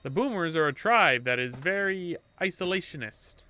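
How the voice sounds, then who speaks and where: A man's voice: fairly high pitch, animated, moderate pace, sharp tone. A young man casually commenting on a game he plays, chatty and playful, often trailing into mumbles. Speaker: let's-play host.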